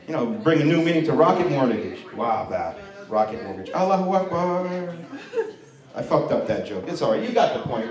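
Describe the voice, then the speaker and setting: A man's voice: fairly high pitch, darkish tone. A man doing a stand-up set with crowd work in a comedy club, crude and often laughing at his own jokes. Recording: echoey room, mic from distance.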